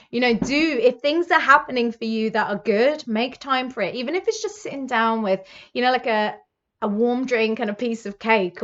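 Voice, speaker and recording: Effusive British woman reading tarot. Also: fairly high pitch. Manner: warm, effusive, reassuring, with many fillers. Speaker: psychic tarot reader. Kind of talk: monthly tarot reading to camera. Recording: slightly dull, lo-fi sound.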